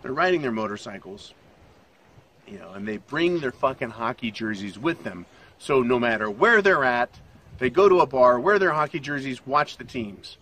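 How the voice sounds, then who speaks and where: A man's voice: mid-range voice, expressive, moderate pace, fairly bright tone. An older American man hosting his own channel, giving rambling, profane, jokey commentary on the economy. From United States. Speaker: channel host.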